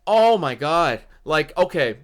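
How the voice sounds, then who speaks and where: A man's voice: mid-range voice, moderate pace. Young guy on a podcast, super hyped, swearing nonstop, keeps going "oh my god". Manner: excitable, swears a lot, keeps exclaiming. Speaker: podcast co-host. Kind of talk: casual podcast rant.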